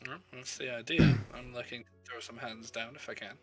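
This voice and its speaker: A man's voice: mid-range voice, fairly even intonation, a little fast, soft background music, close to an everyday voice. A man voicing a large, muscular male fighter in a casual, blunt way during a tabletop game. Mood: eager.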